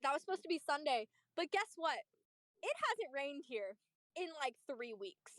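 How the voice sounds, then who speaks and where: A young woman streamer chatting casually, telling a story in an animated, profane way. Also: sits high, moderate pace, no room sound, studio quality. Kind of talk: casual chat.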